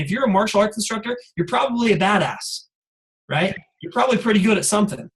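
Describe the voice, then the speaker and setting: Man with a high voice, high-energy motivational speaker, casual filler-heavy delivery. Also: poor audio. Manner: energetic, casual, many "like" and "you guys" fillers. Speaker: guest speaker on a sales call. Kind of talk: motivational call talk.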